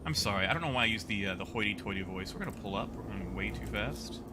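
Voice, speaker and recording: A man's voice: fairly low pitch, lively intonation, quick pace, background noise. A man streaming a game, chatting casually and rambling in a self-mocking way.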